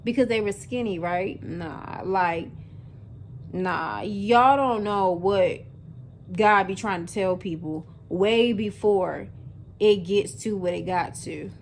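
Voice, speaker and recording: Speaking slowly in a mid-range voice, a woman in her twenties vlogs casually to camera, chatty and full of fillers. She talks straight to her viewers and calls them "y'all," with slight background noise present.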